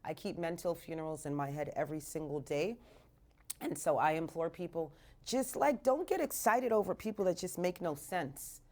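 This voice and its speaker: A woman radio host from Canada chats on air in a low-pitched, loose, animated way. She tosses in bits of Jamaican patois as she talks to listeners from the studio. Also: moderate pace. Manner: chatty and animated, mixing in Jamaican patois phrases. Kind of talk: casual live radio talk.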